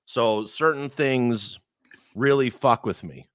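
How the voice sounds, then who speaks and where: आदमी अपनी कहानी गालियों के साथ जोश से सुनाता हुआ. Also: male voice, medium pitch, takes it slowly, no echo, studio quality. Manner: profane, animated, acts out quoted people. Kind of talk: casual storytelling.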